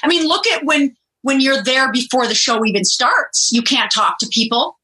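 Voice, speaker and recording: Bright, animated woman telling stories. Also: sits high, moderate pace, low-quality recording. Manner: animated storyteller, laughs often. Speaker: guest, former reality show contestant. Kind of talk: casual podcast interview.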